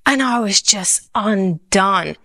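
A woman's voice: medium pitch, lively intonation, slow, bright, forceful tone. A woman giving a personal faith testimony. She tells it expressively and acts out her own inner thoughts as she goes.

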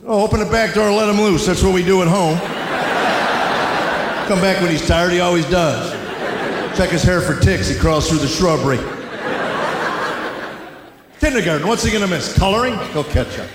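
A high-pitched man in his fifties working a stand-up set with folksy, wry storytelling. He is recorded live in a large, reverberant hall. Loud laughter and room noise sit behind him. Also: normal speed, pauses often. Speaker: stand-up comedian. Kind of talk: stand-up comedy routine. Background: audience laughter.

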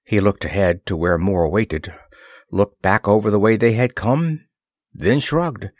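Male audiobook narrator, low, slow, lively in pitch, dry close sound. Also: dry recording. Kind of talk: pulp science fiction reading.

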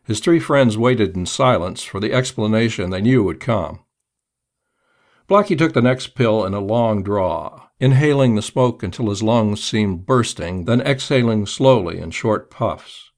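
A man narrating a crime story in a measured, steady audiobook reading. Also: on the low side.

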